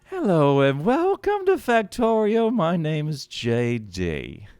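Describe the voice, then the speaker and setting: A man's voice: a little high, huge pitch swings, takes it slowly, darkish tone, smooth, no echo, pitched above the performer's own voice, full character voice. A man impersonating a sing-song Aussie streamer. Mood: cheery. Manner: bouncy sing-song, swooping up and down. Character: upbeat male streamer doing a cheery intro.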